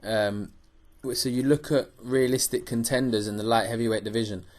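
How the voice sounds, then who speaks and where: A man's voice: medium pitch, fairly even intonation, a little fast, darkish tone. A man hosting a boxing podcast, teasing his co-hosts and moving the talk along. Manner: teasing, steers the talk to the next topic. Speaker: podcast host. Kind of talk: casual chat.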